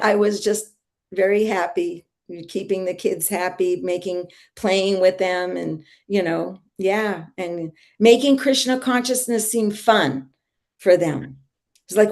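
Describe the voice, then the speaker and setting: An older woman telling a personal devotional story to a reading group, earnest and animated. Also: mid-range voice. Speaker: devotee sharing testimony.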